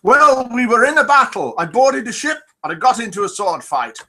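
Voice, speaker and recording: A man reading out a joke who voices an adult male pirate, telling his story in a raised, excited voice. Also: very high-pitched, normal speed, voice pushed up, full character voice. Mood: cheerful.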